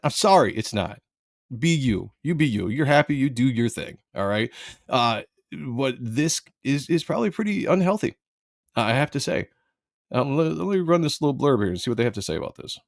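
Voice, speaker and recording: A man hosts a live stream in a blunt, sarcastic commentary style, stopping to read out viewers' comments. His voice is gravelly and swings widely in pitch. The sound is dry and close, with no room around it. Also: animated, brisk, no echo. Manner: blunt, sarcastic, reads chat aloud. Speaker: live show host.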